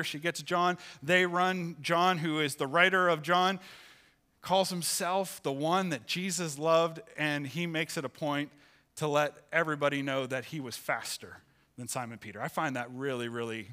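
Bright-voiced man preaching a sermon. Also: clean tone. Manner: expressive, pitch rises for acted quotes. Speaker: pastor. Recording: church sanctuary, live sermon.

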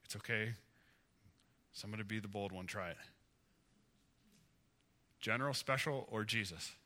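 Very bright-voiced male pastor preaching. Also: on the low side, moderate pace. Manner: conversational, asks the congregation questions; grows emphatic and animated. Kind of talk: sermon.

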